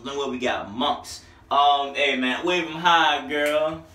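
A young man giving an excited, slangy casual album review, now and then singing bits of the songs. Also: fairly high pitch, slow pace, distant mic. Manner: excited, slangy, sings snippets along with the tracks. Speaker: music reviewer. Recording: echoey room, voice off-mic.

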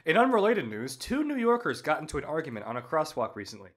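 A man hosting a comedy news show, delivering lines with an exasperated, deadpan edge. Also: on the high side, fast. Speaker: news host. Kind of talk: comedic fake news anchoring.

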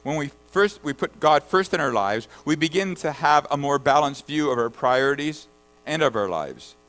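A man's voice: animated, moderate pace, poor audio. Man preaching a sermon, rising to emphatic bursts. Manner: rises to loud emphatic bursts, then drops low and soft; reads scripture verses aloud. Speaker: pastor.

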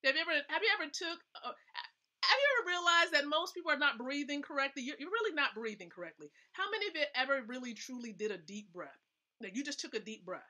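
With a high-pitched, very animated voice that's quick, bright and forceful, a woman runs a casual live stream as host. She's chatty and emphatic in her tips, often turning to ask viewers questions.

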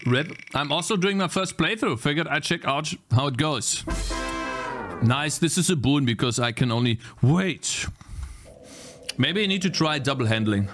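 A young man streaming live gameplay commentary, swearing and yelling at the game, then apologizing. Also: on the high side, lively intonation, moderate pace, soft background music.

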